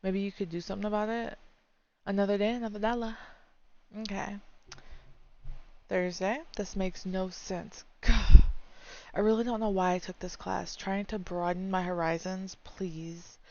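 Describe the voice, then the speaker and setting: Gravelly young woman reading a visual novel. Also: mid-range voice, little pitch movement, moderate pace, a little mellow, dull audio. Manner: chatty, wry, talks to herself.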